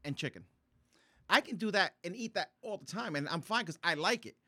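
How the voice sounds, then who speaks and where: A middle-aged man co-hosting a casual podcast chat, teasing and quick to laugh. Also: sits high, expressive, pushed and bright, breathy edge, no echo, studio quality.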